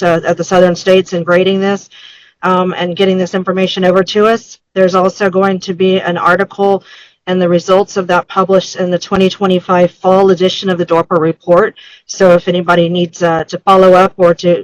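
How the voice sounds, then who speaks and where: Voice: mid-range voice, no echo, low-quality recording. A host from a breeders' association, talking on a video call in a conversational way with frequent restarts. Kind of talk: interview wrap-up and commentary.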